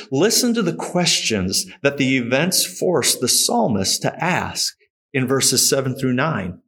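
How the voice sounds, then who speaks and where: A man's voice: mid-range voice, fairly bright tone. A man preaching a sermon, reading scripture aloud and stressing words with feeling. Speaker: pastor.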